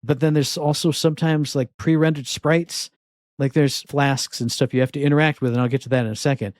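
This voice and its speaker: A man's voice: fairly high pitch, steady tone, fairly quick, a little mellow, dry recording. Wry man presenting game picks. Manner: chatty, wry, self-deprecating. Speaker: podcast co-host. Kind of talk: casual chat, presenting game releases.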